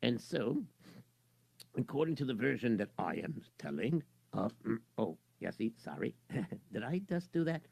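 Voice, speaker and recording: A male storyteller making low, chatty asides to his stage partner during a comic performance. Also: very animated, measured pace, gravelly, darkish tone, breathy edge.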